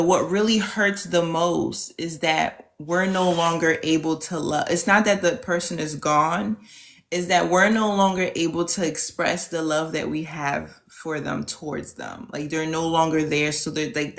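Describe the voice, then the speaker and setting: Reflective low-voiced woman podcast guest. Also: measured pace. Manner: reflective, thoughtful, speaks in loose run-on phrases. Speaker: podcast guest, end-of-life specialist. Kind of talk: casual podcast conversation.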